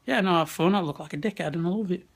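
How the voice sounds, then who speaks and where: A man's voice: high voice, racing, gravelly, breathy edge. A young man from the of England, chatting casually and laughing into a handheld camera at a wrestling event, swearing often. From West Midlands, England. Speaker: vlogger. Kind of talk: casual chat. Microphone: handheld camera at arm's length.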